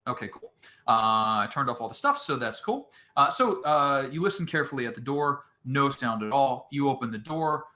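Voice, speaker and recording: A man narrating as game master of an online tabletop game, halting often with filler sounds between phrases. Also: medium pitch, lively intonation, pushed and bright.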